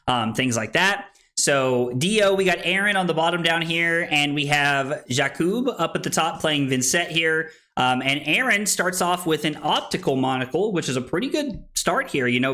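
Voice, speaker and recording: A man commentating a card game tournament on a livestream, casual and full of fillers, rowdy and quick to swear when joking around. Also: fairly high pitch, pushed and bright. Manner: casual, filler-heavy play-by-play. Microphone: streaming microphone.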